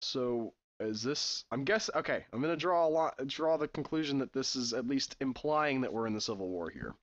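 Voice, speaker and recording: Man, gamer, reading game text aloud, sarcastic asides, animated pitch, muffled lo-fi sound. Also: moderate pace. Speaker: let's-play gamer.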